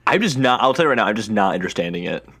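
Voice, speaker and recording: A man's voice: fairly low pitch, sing-song, very fast, fairly bright tone, slightly rough, no echo, clean studio sound. A man co-hosting a casual gaming podcast, bantering in a laid-back, self-deprecating way. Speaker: podcast co-host.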